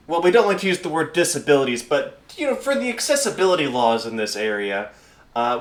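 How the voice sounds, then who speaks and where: A man's voice: mid-range voice, fairly bright tone, roomy sound. A man voicing an overeager male admin clerk with a clipboard, talking in an overly polite, bureaucratic way.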